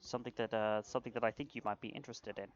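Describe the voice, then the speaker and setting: A man voicing a short human woman, a shadowrunner boss who coaxes a runner back into work in a brisk, persuasive way. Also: fairly low pitch, steady tone, lo-fi sound, lightly acted. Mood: coaxing. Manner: brisk, coaxing recruiter talk.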